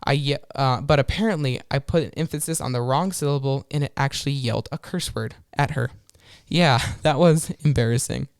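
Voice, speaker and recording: A man's voice: medium pitch, brisk, gravelly, no echo, clean studio sound. A man co-hosting a podcast, reading listener stories aloud and chatting in a hesitant, easygoing way. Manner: hesitant, restarts with fillers, laughs along. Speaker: podcast co-host.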